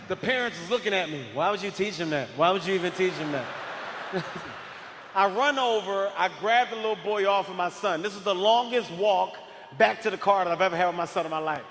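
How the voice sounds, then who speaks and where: A man doing stand-up comedy, telling stories in a loud, animated way and often shouting. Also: high voice, brisk, noisy background. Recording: live hall reverb, faint crowd ambience.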